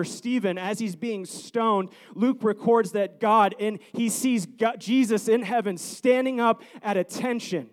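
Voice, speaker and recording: High-voiced earnest male preacher. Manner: earnest, repetitive, rising to fervent pleas. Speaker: pastor. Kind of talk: sermon.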